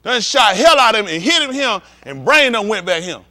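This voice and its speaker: A man's voice: high-pitched, very animated, brisk, pushed and bright. A male pastor preaching bluntly and profanely, heated and confrontational, acting out scenes with volunteers from the congregation.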